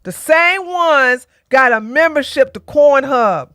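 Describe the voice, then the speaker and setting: This woman in her forties hosts a livestream, commenting and telling stories casually in a blunt, joking way. Her voice is high and a bit bright with lively intonation, and she takes her time. The sound is clean studio audio with no room sound.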